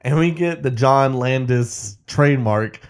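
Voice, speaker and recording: A man co-hosting a podcast, casually recapping a movie in an animated way and laughing often. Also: mid-range voice, a little slow. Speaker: podcast co-host.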